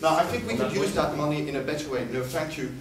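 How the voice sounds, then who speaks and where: A man delivers a formal debate speech in a somewhat high voice, slipping in dry, sarcastic jabs. He sounds distant from the mic, in a reverberant hall. A steady hum of background noise runs underneath. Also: fast. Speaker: debate speaker. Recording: echoey hall from far off with noise.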